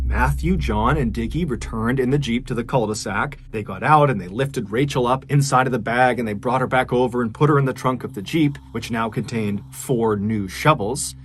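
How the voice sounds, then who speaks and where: A man hosts a storytelling podcast, recounting a dark true crime case. He keeps a loose, conversational tone that turns lightly dramatic, in a mid-pitched voice. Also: a little hiss or hum. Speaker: storyteller host.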